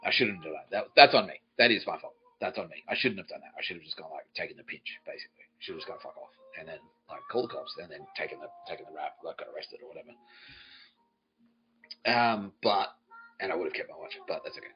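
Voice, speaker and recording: A man's voice: low voice, huge pitch swings, fast, lo-fi sound, soft background music. A man hosting a podcast, telling a rambling, profane comic story and mimicking people's voices. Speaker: podcast host. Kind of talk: comedic storytelling monologue.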